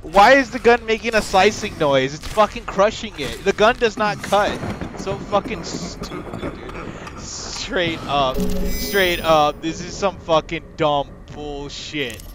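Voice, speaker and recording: A man's voice: high voice, slow, background noise. A young man streaming a game, ranting, exasperated and cursing at it. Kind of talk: frustrated gameplay commentary.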